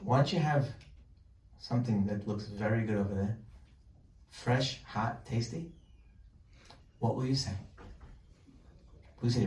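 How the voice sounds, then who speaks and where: A man's voice: mid-range voice, a little slow, long pauses. A man leads a Torah class as a rabbi, acting out both sides of imagined conversations with rising energy. His voice carries a roomy echo and sounds set back from the microphone. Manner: animated, acts out questions and answers in dialogue. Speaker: rabbi teaching a weekly class. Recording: roomy sound, mic at a distance.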